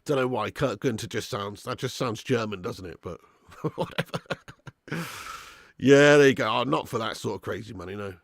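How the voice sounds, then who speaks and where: A young man hosting a live football watch-along, chatting and thanking viewers by name, with sudden bursts of excitement when chances come. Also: on the low side, normal speed, creaky, no echo, studio quality.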